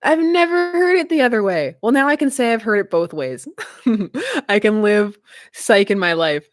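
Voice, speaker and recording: A chatty woman hosts a casual livestream, laughing easily between thoughts. Her pitch bounces around a lot as she talks. The sound is dry and close, with no room echo. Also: lively intonation, moderate pace. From Canada. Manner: chatty, giggly, laughs often. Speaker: livestream host.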